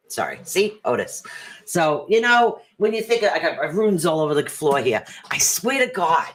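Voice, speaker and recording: A woman's voice: low voice, very animated, moderate pace. A middle-aged woman hosting a casual chat stream, talking in a chatty, rambling way that jumps between thoughts. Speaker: livestream host.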